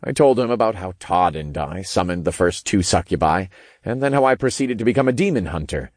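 A man narrating an audiobook in the first person, with lively, expressive storytelling. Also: sits low, a little fast, dry recording, studio quality.

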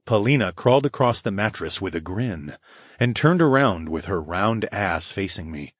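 A man narrating a fantasy audiobook in the first person, with a steady, low growling delivery. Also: normal speed, no echo, studio quality.

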